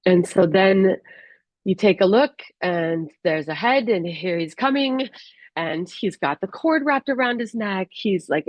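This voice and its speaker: A woman who works as a rural doctor tells a personal story in a candid, halting way, full of restarts and fillers. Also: mid-range voice, no room sound.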